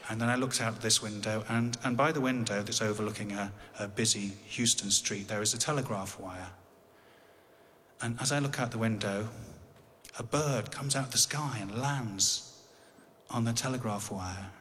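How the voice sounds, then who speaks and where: A man's voice: lowish voice, normal speed, fairly bright tone, long reverb tail, a little hiss or hum. An English man telling a personal story in a conversational way with dry, wry humor. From England.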